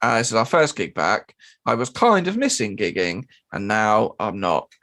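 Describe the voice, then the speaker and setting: A man tells a story on a casual podcast, his pitch leaping around as he talks. He swears freely and jumps into high, squeaky impressions of other people. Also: normal speed. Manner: animated, sweary, mimics people in high voices. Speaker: podcast co-host and drummer.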